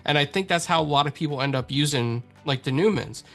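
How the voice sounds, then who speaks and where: A male podcast host asking questions in a relaxed, rambling way. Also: fairly high pitch, fast talker, vocal fry, soft background music. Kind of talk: casual interview chat.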